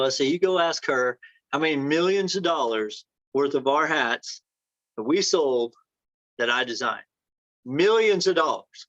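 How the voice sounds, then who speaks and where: Male interview guest, anecdotal storyteller, everyday pitch, dry muffled recording. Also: unhurried, fairly bright tone, no echo. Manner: rambling anecdotes, acts out quoted dialogue. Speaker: entrepreneur guest. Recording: dry, dull lo-fi sound.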